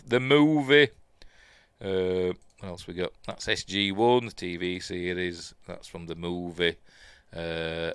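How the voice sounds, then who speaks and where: A man's voice: on the low side, a bit bright, clear, resonant tone, no room sound. Rambling Yorkshire man reading news. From Yorkshire, England. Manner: reads headlines aloud, then chats and rambles with fillers. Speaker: news stream host. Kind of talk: casual live news commentary.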